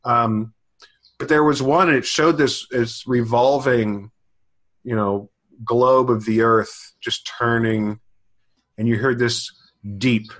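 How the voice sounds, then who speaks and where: A man in his forties, co-hosting a casual podcast, with a pitch that sits right in the middle for a man. He rambles through his memories with plenty of fillers and restarts. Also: fairly even intonation, fairly bright tone. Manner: halting, many fillers and restarts. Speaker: podcast co-host.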